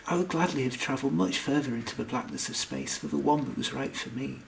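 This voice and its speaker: A man reading a comic science fiction audiobook with wry, expressive narration. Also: medium pitch, quick pace, vocal fry. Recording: echoey room, distant mic, faint noise.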